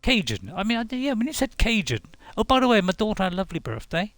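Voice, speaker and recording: A man's voice: high-pitched, big pitch swings, quick pace, a bit bright, dry recording. A middle-aged man, casually commentating on gameplay in a rambling, chatty way with chuckling asides. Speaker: gaming channel host.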